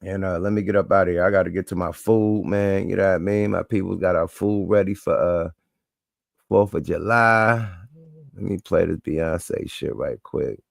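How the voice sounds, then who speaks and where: A man's voice: sits low, normal speed, vocal fry, no room sound, clean studio sound. A man hosting a livestream, talking in a laid-back, slangy, rambling way. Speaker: livestream host. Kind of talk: casual chat.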